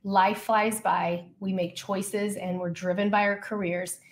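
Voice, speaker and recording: Woman guest on a podcast: casual, lively storyteller, mid-pitched, acts out her past dialogue. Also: a little slow. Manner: casual, frequent fillers such as "like" and "you know". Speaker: podcast guest, leadership coach.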